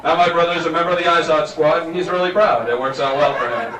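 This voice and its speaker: A man's voice: fairly high pitch, fairly even intonation, fast. A man doing a wry, self-mocking stand-up set, chuckling through his lines. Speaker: stand-up comedian. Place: small comedy club. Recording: roomy club from far off, crowd laughing.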